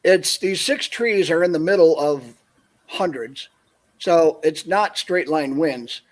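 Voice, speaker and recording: A man from northern Minnesota, a guest, telling an animated story on a video call and acting out what people said. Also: fairly high pitch, slow pace. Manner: animated anecdote, acts out quoted dialogue. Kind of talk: casual storytelling on a call-in show.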